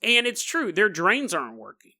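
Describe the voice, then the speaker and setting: Man podcast host, high voice, very lively, jokey storytelling with laughs. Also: moderate pace. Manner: animated and jokey, laughs often, asides to the listener.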